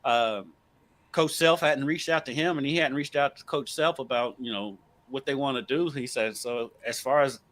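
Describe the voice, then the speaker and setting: A man's voice: mid-range voice, moderate pace. A man co-hosting a sports podcast, telling stories in casual chat and laughing often. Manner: storytelling, laughs often, lively. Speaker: podcast co-host.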